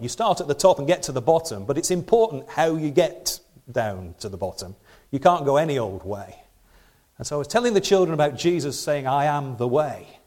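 Conversational preacher with a higher voice. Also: male voice, darkish tone. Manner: conversational, with rhetorical questions and restarts. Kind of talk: sermon.

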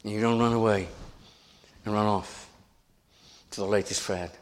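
A man's voice: fairly low pitch, fairly even intonation, normal speed. A middle-aged man preaching a sermon as pastor, earnest, repeating his phrases and stumbling over restarts.

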